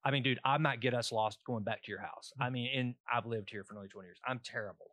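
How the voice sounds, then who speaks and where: A Texan man in his forties trades stories on a podcast, animated and quick to act out the people in his anecdotes. His voice sits at an ordinary middle pitch. The recording is close and dry. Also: no room sound. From East Texas. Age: 40s. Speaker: podcast co-host. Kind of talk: casual chat.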